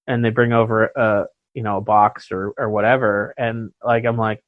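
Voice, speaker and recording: A man's voice: mid-range voice, steady tone, normal speed, no room sound. A man hosting a podcast in casual chat, joking and laughing often. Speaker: podcast host. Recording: dull lo-fi podcast audio.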